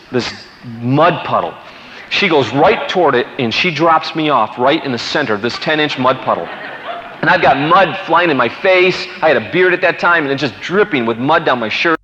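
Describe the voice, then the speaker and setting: A man telling a personal story in an animated way, rushing through exciting moments and dropping low and quiet at grave ones. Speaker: guest speaker telling a story. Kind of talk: storytelling from a played recording. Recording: dull, echoey played recording with faint noise.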